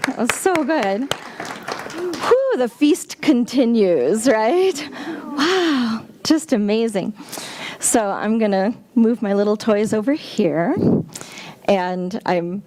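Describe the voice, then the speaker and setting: A woman giving a sermon-style talk at a spiritual center, animated and exclamatory, with playful asides. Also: a little high, slow pace, some chatter behind. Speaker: guest speaker at a spiritual center.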